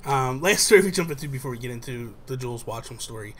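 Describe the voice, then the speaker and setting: A young adult man hosting a casual chat show, telling a story with lively acted-out quotes. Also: medium pitch, fast talker. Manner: animated storyteller, acts out quoted voices. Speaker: host.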